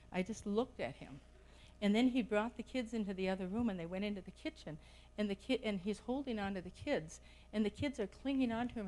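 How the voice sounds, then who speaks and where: A middle-aged woman delivers a plenary address at a conference, with a voice of ordinary pitch for a woman. She speaks with passion and urgency and keeps pressing her listeners with questions. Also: darkish tone, slight background noise, poor audio. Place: conference hall.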